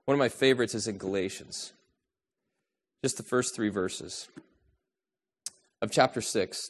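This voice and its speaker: A man preaching a sermon, asking rhetorical questions and moving between a soft, low delivery and a raised, urgent one. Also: measured pace, pauses often. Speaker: pastor.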